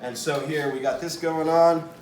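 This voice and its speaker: A man with a slightly high voice and fairly even intonation hosts a casual cooking demonstration in his home kitchen, speaking at normal speed. He rambles and jokes with plenty of fillers and restarts, while the echoey room clatters with pots and dishes.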